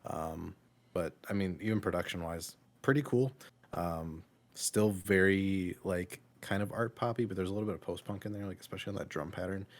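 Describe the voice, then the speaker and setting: A man's voice: low voice, a little fast. A man hosting a music reaction podcast, chatting casually with many hesitant fillers. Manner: hesitant, lots of filler words. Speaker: podcast host.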